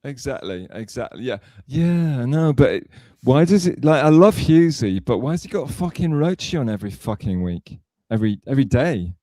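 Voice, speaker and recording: A man's voice: medium pitch, very animated, normal speed, few pauses, warm tone, no room sound, clean studio sound. A man hosting a casual live stream chat, chatty and full of fillers, calling people darling. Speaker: streamer host.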